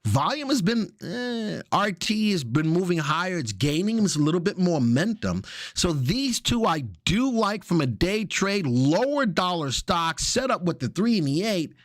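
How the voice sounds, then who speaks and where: A man's voice: sits high, very animated, normal speed, no room sound, clean studio sound. A man hosting a live stock market update, talking through charts in a casual, chatty way with jokey asides. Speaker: stock market analyst host.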